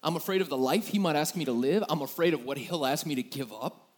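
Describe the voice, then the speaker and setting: A man's voice: a little high, fast talker. A man in his thirties preaching to a room, telling a personal story in a candid, self-deprecating way with many fillers. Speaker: youth pastor. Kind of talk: sermon.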